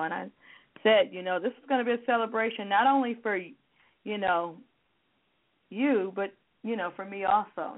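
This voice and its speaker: Woman, interview host, casual chat, tinny phone-like sound, mid pitch.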